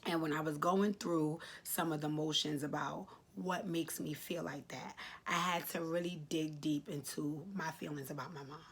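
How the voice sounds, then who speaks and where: Woman, late 30s, low and husky; earnest advice vlogger speaking straight to her viewers. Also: fairly even intonation, normal speed, few pauses. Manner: earnest, emotional, repeats key phrases for emphasis; speaks directly to viewers, informal. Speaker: advice vlogger answering a letter. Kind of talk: heartfelt advice talk to camera.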